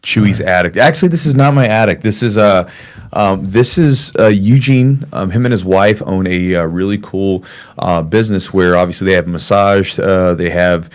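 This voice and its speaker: A man's voice: sits low, normal speed. A man hosting a podcast in a small upstairs room, rambling casually with lots of fillers. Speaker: podcast host.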